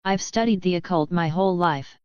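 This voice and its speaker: Brief: smirking young male warlock, calm, firm and knowing, voiced by a woman in a low smooth voice. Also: brisk, no echo, highs cut off, lightly acted.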